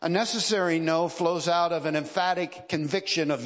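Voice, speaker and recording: A man's voice: a little high, fairly even intonation, normal speed. A man preaching a sermon from the pulpit, emphatic and repetitive, driving his points home with rising stresses. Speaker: pastor. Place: church sanctuary. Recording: long reverb of a large hall.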